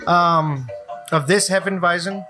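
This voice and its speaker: A man's voice: high-pitched, unhurried, over music. A man, co-hosting a casual beer-tasting podcast, joking and rambling. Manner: laid-back, joking, rambling. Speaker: podcast co-host.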